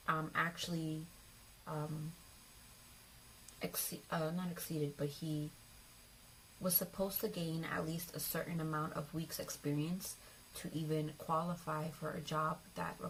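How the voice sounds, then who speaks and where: Chatty young woman with a gravelly fry. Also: sits low, fairly bright tone, a little hiss or hum, low-quality recording. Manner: chatty, rambling, with fillers and acted quotes. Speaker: vlogger. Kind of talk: casual storytelling to camera.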